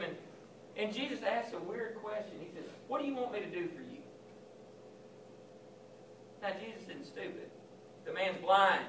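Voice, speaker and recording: Heard from a distance in an echoey chapel, a man with a high voice gives school students an informal sermon, acting out Bible scenes in quoted voices. He talks conversationally, and the recording carries a slight hiss or hum.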